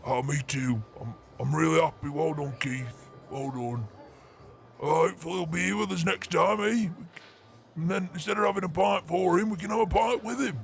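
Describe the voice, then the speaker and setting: A man chatting in character during a game roleplay, speaking warmly with some hesitation. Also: on the high side, normal speed, vocal fry. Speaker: roleplay player. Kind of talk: casual in-character roleplay chat.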